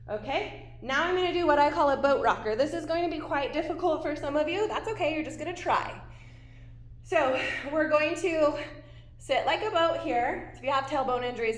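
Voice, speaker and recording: High-voiced woman coaching a workout. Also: reverberant. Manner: encouraging, talks through exercises while doing them. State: out of breath at times. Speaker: fitness instructor. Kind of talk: workout instruction.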